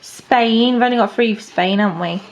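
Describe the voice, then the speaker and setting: A woman's voice: a little high, moderate pace, background noise. A woman, a homeschooling mother chatting patiently with her children at a table at home. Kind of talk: casual family chat.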